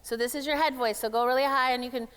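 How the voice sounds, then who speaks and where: A woman speaking with a raised, smooth and resonant voice in a large, echoing hall. She talks in a lively and playful way, casual and direct with the crowd. Long reverb trails after her words. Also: high voice, fast talker. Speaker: speaker at a summit. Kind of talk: energetic motivational workshop talk.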